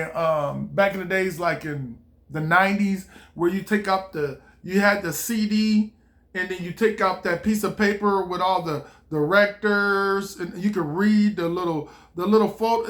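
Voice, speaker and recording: A woman vlogger telling a casual story in an animated way, breaking into laughter and loud exclamations. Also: medium pitch.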